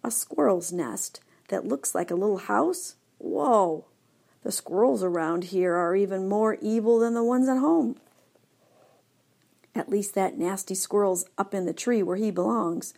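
A woman narrating a children's story in first person, lively and expressive. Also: medium pitch, a little slow, creaky. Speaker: audiobook narrator.

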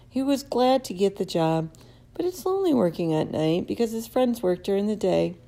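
Woman, storybook narration, lively expressive delivery, gravelly fry, mid pitch. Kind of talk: storybook reading.

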